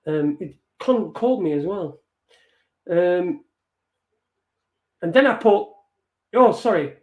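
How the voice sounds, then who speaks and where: A man's voice: high-pitched, expressive, takes it slowly, mellow. A man hosting an online show, swearing and mocking as he reads out messages. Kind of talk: casual live-stream rant.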